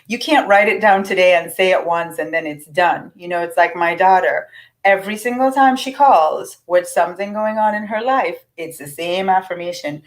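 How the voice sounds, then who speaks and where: A woman's voice: on the low side, normal speed, low-quality recording. A middle-aged woman giving a casual, earnest teaching talk on affirmations. She is encouraging and often restarts her sentences.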